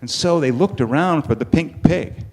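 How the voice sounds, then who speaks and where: A man telling a children's story at a worship service, animated, with dramatic pauses. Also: a little high, heavy background noise.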